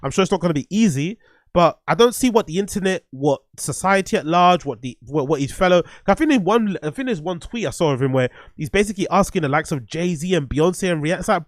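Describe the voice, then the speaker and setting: Guy hosting a podcast, kinda high voice, sweary and blunt, restarts a lot, dry sound. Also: lively intonation, fast, dry recording. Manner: blunt, profane, opinionated; thinks aloud with restarts and fillers. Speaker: podcast host. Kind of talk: casual livestream commentary.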